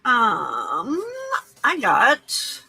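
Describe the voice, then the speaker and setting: A woman's voice: medium pitch, huge pitch swings, drawn-out words, creaky, pushed and bright, a little hiss or hum, poor audio. A woman hosting a late-night crafting livestream from her home craft room, chatting casually, greeting viewers by name and teasing herself.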